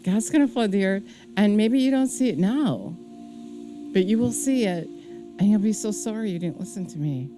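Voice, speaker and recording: A woman's voice: medium pitch, lively intonation, moderate pace, music in the background, natural voice. Noah, a woman playing an older man giving an urgent warning. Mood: resolute. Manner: firm, urgent pleading.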